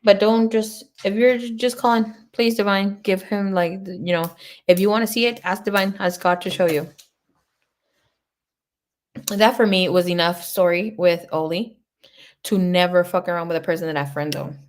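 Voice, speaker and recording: A woman's voice: mid-range voice, fairly even intonation, moderate pace. A woman giving a casual livestream tarot reading, talking bluntly and swearing freely as she tells stories. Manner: blunt, profane, chatty storytelling. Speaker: tarot reader.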